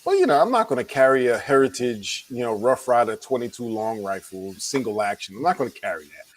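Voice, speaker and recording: A man's voice: medium pitch, very animated, a little fast, a little hiss or hum, poor audio. A man co-hosting a late-night chat, talking casually and rambling with restarts, a little tired. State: tired, yawning. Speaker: podcast co-host.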